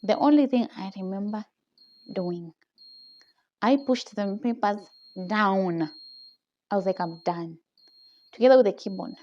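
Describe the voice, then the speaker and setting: Her medium-pitched voice has a dark tone, moving a little slowly with frequent pauses, and the highs are lost on her phone camera. She's a young Kenyan-accented vlogger telling a personal story with lots of animation, laughter and "okay?" tags.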